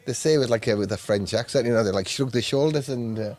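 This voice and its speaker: A man's voice: mid-range voice, quick pace, a little mellow. Jokey English man hosting radio. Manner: jokey, teasing, easygoing. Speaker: radio show host. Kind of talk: casual radio banter, reading listener messages. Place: community radio studio.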